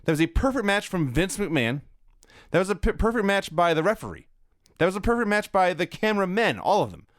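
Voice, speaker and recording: A man's voice: high-pitched, very animated, a little fast, no echo. A man co-hosting a wrestling review show, trading dry quips and earnest praise. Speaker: wrestling podcast co-host. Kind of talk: casual review chat.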